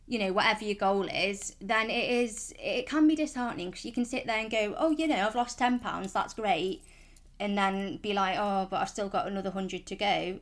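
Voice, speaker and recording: A woman's voice: medium pitch, fairly bright tone. A woman, talking casually in a vlog, chatty and rambling, frank and reassuring. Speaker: vlogger.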